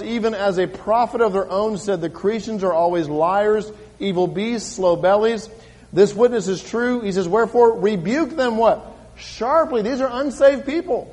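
A middle-aged pastor preaching with a fairly high voice, stretching out scripture verses with slow emphasis before easing into quiet, conversational asides. His voice carries a long reverb from the church hall around him. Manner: reads scripture aloud slowly and emphatically, then drops to a quiet conversational tone. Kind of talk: sermon.

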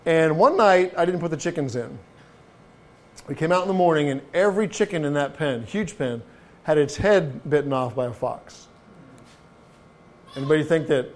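A man with a high-pitched voice preaches a sermon from the pulpit. He talks to the congregation in a loose, conversational way, tossing them rhetorical questions. His phrases often stumble and restart before he finds the words. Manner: frequent restarts and repeated words. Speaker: pastor.

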